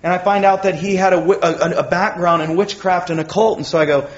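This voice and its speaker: A man's voice: sits high, brisk, roomy sound, muffled recording. A man preaching a sermon in a conversational way, telling personal stories and putting questions to the audience. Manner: conversational, animated storytelling, asks the audience questions.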